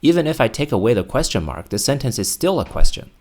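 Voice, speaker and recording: A man teaching a video language lesson, explaining patiently and clearly, with example phrases. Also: mid-range voice, very animated, fast, darkish tone.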